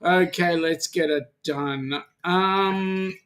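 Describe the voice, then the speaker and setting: Slow-talking Australian man hosting a chat. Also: sits high, fairly bright tone. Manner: jokey, playful banter with chat viewers. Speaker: co-host of a cruising chat show. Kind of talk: casual live-stream chat.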